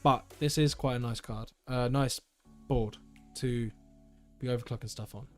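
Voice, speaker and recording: A young man talks his way through a home live stream at a middle pitch, looping back and fixing his own words as he goes. His delivery is loose, chatty and enthusiastic, and faint music sits quietly behind him. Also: fairly even intonation, normal speed. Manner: rambling, self-correcting, enthusiastic. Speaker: tech livestreamer. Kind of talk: casual live-stream chat.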